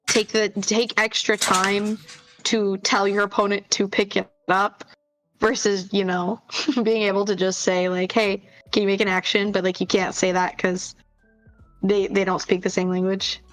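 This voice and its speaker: A woman's voice: medium pitch, steady tone, measured pace, a bit bright, soft background music, poor audio. Chatty woman co-casting a card game. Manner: chatty and easygoing, laughing often, with fillers. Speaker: co-commentator and tournament player. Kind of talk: casual live game commentary.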